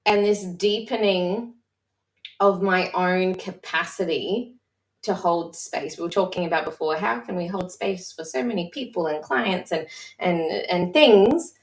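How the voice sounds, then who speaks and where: Candid reflective woman, far-off roomy sound. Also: lowish voice. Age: adult mother. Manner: candid, reflective, halting with restarts. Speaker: session facilitator. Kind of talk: personal sharing in a live-streamed discussion. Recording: roomy echo, voice far from the mic.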